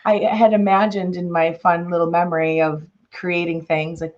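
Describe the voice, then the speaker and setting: Chicago-accented female author, low voice, animated storyteller; dull lo-fi call audio. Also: normal speed. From Chicago, Illinois. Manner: expressive, animated, laughs often. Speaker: author and guest. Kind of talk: interview conversation and reading aloud.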